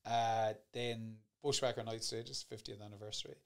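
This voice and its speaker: He is a man with a low voice and a gravelly edge. He co-hosts a relaxed chat about rallying and tells anecdotes from his competing days. He laughs at himself easily as he goes. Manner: anecdotal, self-deprecating, quick to laugh. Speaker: podcast co-host and former rally driver. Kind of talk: casual chat.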